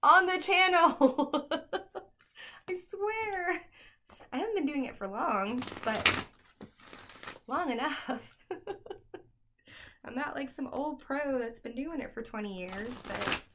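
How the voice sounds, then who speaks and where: A young woman giving a casual tarot reading to camera at home, chatty and excitable, laughing often. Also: sits high, slow, pauses often, noisy background. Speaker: tarot reader.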